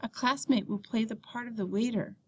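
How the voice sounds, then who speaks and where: A woman teacher reading a beginner French textbook lesson aloud, saying the French words slowly and clearly. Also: on the high side.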